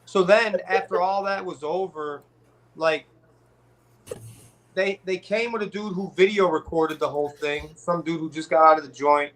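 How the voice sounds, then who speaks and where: A man's voice: high-pitched, moderate pace, a bit bright. A man telling a long story in casual podcast chat, rambling with restarts and swearing. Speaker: guest rapper telling a story.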